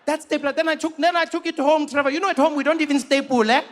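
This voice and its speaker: A man voicing an excitable, nosy South African coworker who teases and pries, with a South African accent. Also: extremely high pitch, fast talker, voice pushed up. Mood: excited. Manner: teasing, prying, repeating a name for emphasis.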